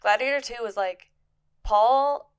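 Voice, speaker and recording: A woman's voice: fairly high pitch, slow pace, clean tone. A young woman co-hosting a podcast, chatting casually and gushing in a rambling way, full of "like.". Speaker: podcast co-host. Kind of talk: casual chat.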